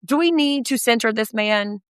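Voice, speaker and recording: A woman's voice: on the high side, normal speed, clear, resonant tone, dry recording, clean studio sound. A woman co-hosting a podcast, ranting casually and with profanity as she recaps a reality show. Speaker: podcast co-host.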